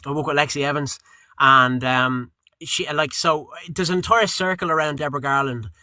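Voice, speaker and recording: A young Irish man, a voice actor being interviewed, telling stories in a lively way, acting out quotes and swearing casually. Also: on the high side, normal speed, no echo. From Ireland. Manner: animated storyteller, acts out quotes, swears casually. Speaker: guest voice actor.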